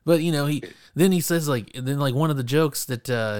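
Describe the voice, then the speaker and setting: A man's voice: medium pitch, brisk, a little mellow, clean tone, dry recording, clean studio sound. A man co-hosting a podcast, rambling in casual chat with lots of fillers, swearing and laughter. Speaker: podcast co-host.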